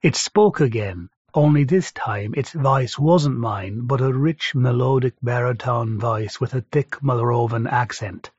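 A man's voice: mid-range voice, breathy edge, no room sound. Man narrating in a dry, muffled recording. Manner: steady, measured storytelling. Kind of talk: first-person audiobook narration. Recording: dry, slightly dull recording.

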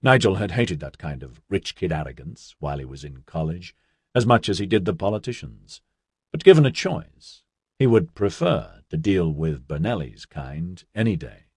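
An audiobook narrator with a deep, husky male voice reads a novel as scripted narration. He keeps a steady, moderate pace, and the sound is close and dry.

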